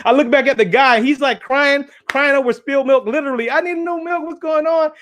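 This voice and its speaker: Very high-voiced man telling a lively story. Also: a little fast, hardly any pauses. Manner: animated, speaks straight to the audience with "y'all" and "right?"; acts out small voices when quoting people in a story. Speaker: guest speaker and engineer. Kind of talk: lively storytelling talk at a symposium.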